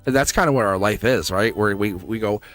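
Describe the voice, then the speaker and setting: A middle-aged man hosting a live tarot reading, rambling and upbeat, his voice hoarse and cracking. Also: lowish voice, a little fast, fairly bright tone, soft background music. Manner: rambling, upbeat, repeats himself. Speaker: tarot reader and host.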